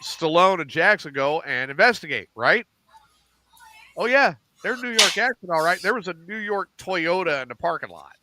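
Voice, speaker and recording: A middle-aged man hosting a casual podcast, animated and profane, acting out lines as he recaps TV shows. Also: high voice, moderate pace, background noise. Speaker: podcast host.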